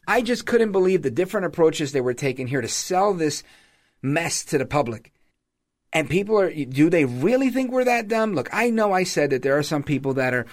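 A man hosting a podcast, delivering a political commentary monologue and breaking into mocking impressions of radio ads. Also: fairly high pitch. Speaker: podcast host.

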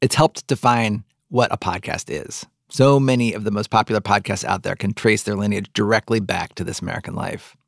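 A man's voice: on the low side, a little fast, creaky, hardly any pauses, no echo, studio quality. A middle-aged man hosting a podcast interview, rambling with many likes and restarts. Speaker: podcast host. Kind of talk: conversational interview.

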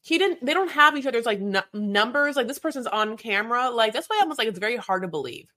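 Chatty woman podcast co-host, animated. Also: on the high side, fast talker. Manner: animated, rambling, slips into playful quoted voices. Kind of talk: casual chat recapping a reality show.

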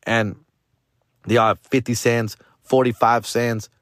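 A man hosting a podcast, telling a casual story full of slang with Spanish mixed in, and jumping up in pitch when he acts out his own panic. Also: a little slow, no echo, studio quality. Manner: slangy, mixing Spanish into English, animated retelling with jumps to high voice. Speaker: podcast host.

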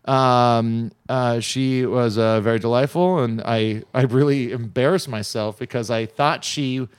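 A man hosting a radio show, chatting casually in a rambling, halting way full of fillers. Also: medium pitch, fairly even intonation, smooth. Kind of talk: casual chat.

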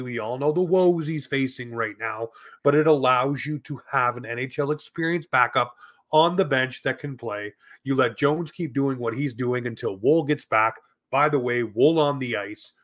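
A man talks through his hockey opinions in a solo commentary. He is emphatic and argumentative, hammering his points home with repeated phrases, in a voice of ordinary pitch. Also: fairly bright tone. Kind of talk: opinionated sports commentary monologue.

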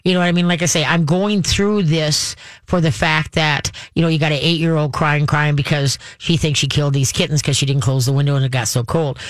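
A woman's voice: sits low, steady tone, dry recording. Rambling, folksy woman telling a story. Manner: rambling and halting, with many restarts and folksy sayings. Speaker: vlogger telling a personal story. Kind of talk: casual storytelling to viewers.

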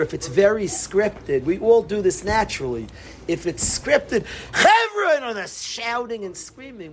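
Man, rabbi, high voice, animated Torah lesson, soft then emphatic, faint background hum. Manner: sprinkles Yiddish and Hebrew words.

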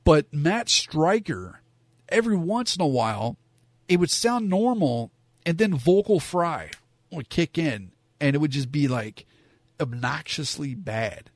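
A man's voice: a little high, big pitch swings, measured pace, no echo. A man giving frank, rambling opinions in a casual monologue, full of fillers and asides. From Southern California. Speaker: wrestling commentator.

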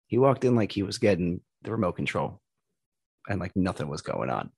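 A man's voice: fairly low pitch, a little fast, creaky, breathy edge, no room sound. A middle-aged man from the United States, telling stories in a casual chat, loose and profane. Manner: profane, animated storytelling.

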